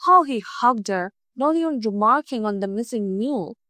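A woman narrating a folk tale in a measured, expressive storybook reading. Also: a little high, no echo.

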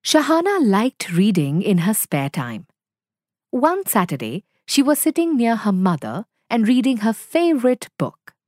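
A woman narrating a children's story for language learners, clear and expressive. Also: fairly high pitch, a little slow, no echo, clean studio sound.

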